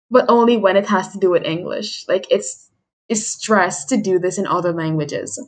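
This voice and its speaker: A woman's voice: medium pitch, darkish tone. A young woman streamer chatting on her own in a casual, rambling way, drifting onto tangents with small laughs. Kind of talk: casual solo chat.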